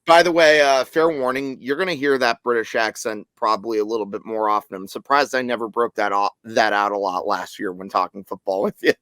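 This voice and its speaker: A man's voice: lowish voice, steady tone, fairly quick, few pauses, fairly bright tone, no room sound. A man co-hosting a sports podcast, joking and easygoing. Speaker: podcast co-host. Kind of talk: casual sports talk.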